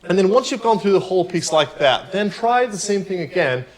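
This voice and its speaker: A man giving a piano tutorial, explaining technique in a relaxed, explanatory way. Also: sits high, fairly quick, low-quality recording. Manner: relaxed, explanatory, counts beats aloud while playing. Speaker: piano teacher. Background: piano playing.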